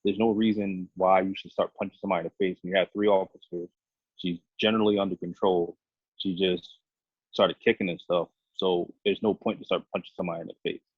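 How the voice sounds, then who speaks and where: Police officer, podcast co-host, deep husky voice, earnest rambling delivery, dry tinny phone-like sound. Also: male voice, fairly even intonation, fairly quick, dry recording. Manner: earnest, rambling explanations full of restarts. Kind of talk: casual podcast discussion.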